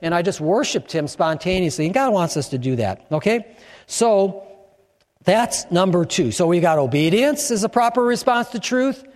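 High-voiced pastor preaching in a hall. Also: male voice, moderate pace. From Chicago. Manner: animated preaching, rising to shouts for emphasis. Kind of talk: sermon. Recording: long hall reverb.

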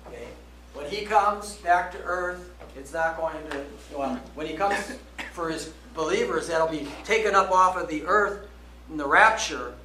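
Male preacher, emphatic Bible teaching, high voice, distant mic in a roomy hall. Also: pushed and bright, slight background noise. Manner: emphatic, frequent "okay?" check-ins, slows down to stress key words. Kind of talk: sermon. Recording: roomy echo, voice from a distance, faint background ambience.

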